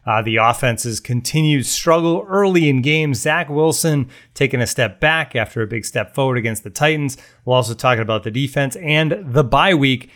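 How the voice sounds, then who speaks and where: A man's voice: medium pitch, a bit bright. A man hosting a sports podcast, easygoing and conversational as he runs the show. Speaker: podcast host.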